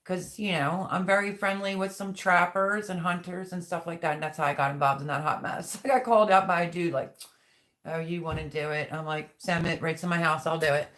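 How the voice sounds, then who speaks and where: A woman's voice: on the low side, brisk, few pauses, fairly bright tone. Woman, livestream host, casual chat, laughs often, greets viewers by name. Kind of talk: casual live chat reading viewer comments.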